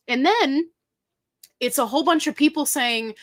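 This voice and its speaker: A woman's voice: high-pitched, moderate pace, long pauses, no echo. Casting: woman, livestream host, chatty and laughing, dry close sound. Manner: chatty, laughs often, talks straight to viewers. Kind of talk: casual live chat answering viewer questions.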